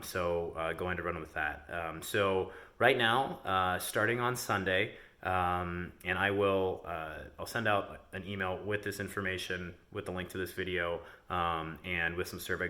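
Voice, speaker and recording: A man with a bright, forceful voice and a lowish pitch talks to his staff in a casual video update. He rambles and fills his sentences with ums and uhs while he lays out a schedule change from indoors. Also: fairly even intonation, moderate pace, few pauses. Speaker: delivery company owner. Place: indoors in a house.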